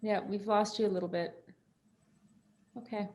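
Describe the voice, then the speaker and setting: A woman's voice: mid-range voice, fairly even intonation, normal speed, a little mellow. A woman therapist chatting on a video call, easygoing and laughing often, with many restarts. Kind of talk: casual panel chat on a video call.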